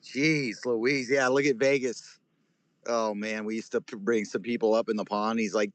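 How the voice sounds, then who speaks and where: A man's voice: medium pitch, flat delivery, normal speed, no echo. A man chatting casually on a live audio space, joking and rambling through stories. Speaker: guest speaker.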